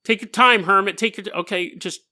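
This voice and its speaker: A man's voice: high voice, fairly quick, bright, forceful tone. A man playing a scared, hungry old backwoods hermit, who talks in a flustered mumble.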